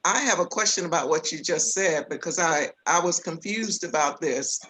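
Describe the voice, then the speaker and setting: A woman's voice: lowish voice, moderate pace, a bit bright, a little hiss or hum, poor audio. A woman commissioner at a public board meeting, raising careful procedural questions.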